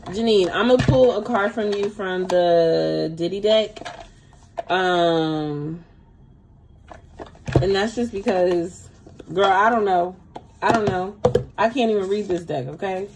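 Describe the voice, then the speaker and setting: A tarot reader on a casual livestream speaks slowly in a mid-range voice, pausing often, with background noise behind her. She's chatty, talks straight to her viewers and calls them "girl."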